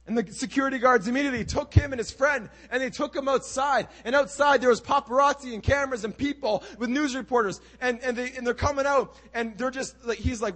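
A man with a strikingly high voice preaches a sermon as a story. He is animated and acts out each person's lines as he goes. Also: brisk. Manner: animated, acting out quoted dialogue.

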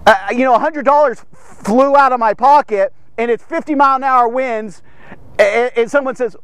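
A man with a very high voice teaches a Bible passage in a chatty, animated way. He keeps checking in with his listeners and acts out the people in the story. The recording is dry and close. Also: moderate pace, clean tone, no echo. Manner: keeps checking in with "okay?" and "here's the thing". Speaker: devotional podcast teacher.

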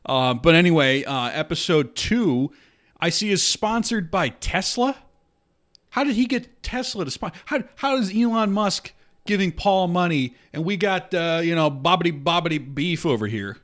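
A man's voice: fairly high pitch, animated, normal speed, fairly bright tone. A man co-hosting a comedy podcast, ranting in a sarcastic, mock-indignant way. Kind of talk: improvised comedy podcast banter.

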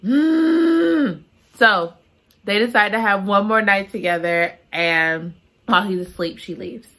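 Bright, animated woman recapping a story. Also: medium pitch, moderate pace. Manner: dramatic, exclamatory, slangy storytelling. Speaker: book recap vlogger.

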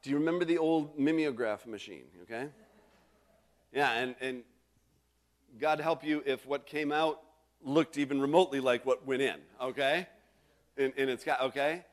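A man's voice: mid-range voice, moderate pace, long pauses. A middle-aged male pastor preaching a sermon in a conversational way, full of restarts and asides to the congregation.

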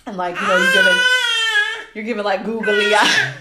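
A woman's voice: mid-range voice, steady tone, brisk, echoey room, heavy background noise. Laughing woman telling a love story. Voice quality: laughing, emotional storytelling, acts out quotes. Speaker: podcast guest telling her love story. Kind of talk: casual chat.

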